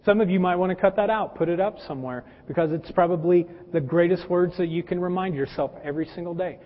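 High-voiced folksy pastor preaching. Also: male voice, a little fast, few pauses. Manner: folksy, addresses listeners as folks; personal anecdotes and humor. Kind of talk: conversational sermon. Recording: dull lo-fi with long hall reverb.

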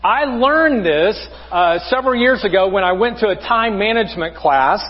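A man's voice: sits high, animated, normal speed, in a large hall, lo-fi sound. A man preaching a conversational sermon as pastor, asking the congregation rhetorical questions. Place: church sanctuary.

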